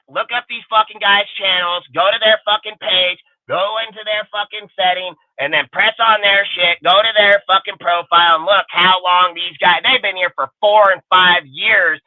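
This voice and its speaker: Man host ranting on a livestream, aggressive and profane; high-pitched, dry, tinny. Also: no echo. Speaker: channel host. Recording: tinny phone-like livestream audio.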